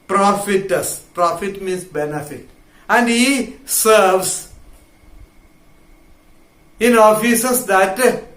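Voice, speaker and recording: A man teaches a literature class, unpacking a play word by word. He speaks slowly and repeats phrases for his students. The room around him echoes noticeably. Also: sits high. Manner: explains each word slowly, repeating phrases, reads quoted lines louder. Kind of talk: classroom lecture explaining a play line by line.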